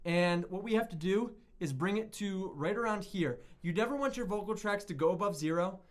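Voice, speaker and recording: A man with a high-pitched, expressive voice talks a little fast as he gives a casual lesson on music production. His delivery is chatty and rambling, and he often corrects himself along the way.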